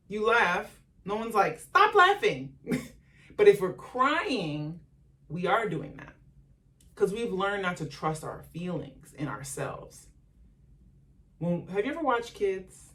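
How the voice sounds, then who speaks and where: A woman's voice: on the low side, distant mic. A woman hosting a solo motivational podcast, speaking conversationally, asking the listener questions and acting out the voices of others. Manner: animated, acts out quoted voices of family and parents. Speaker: podcast host.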